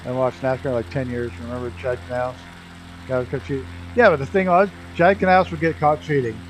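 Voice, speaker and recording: A man's voice: medium pitch, steady tone, fairly quick, a little hiss or hum, poor audio. A man chatting casually while streaming a flight simulator, telling profane racing stories and laughing often.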